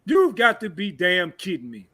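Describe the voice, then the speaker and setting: Man from tennessee, high animated voice, bright, cursing, heated sports rant. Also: moderate pace. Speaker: podcast co-host. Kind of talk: heated casual sports talk.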